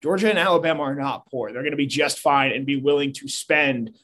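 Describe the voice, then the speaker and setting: A man's voice: medium pitch, brisk, a bit bright, a little hiss or hum. A man co-hosting a casual sports talk show, analytical and prone to restarting his sentences. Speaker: sports podcast co-host.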